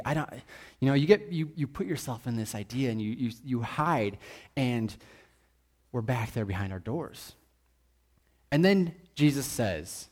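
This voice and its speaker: A man preaching a sermon in an animated, joking, conversational way. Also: mid-range voice, unhurried, pauses often.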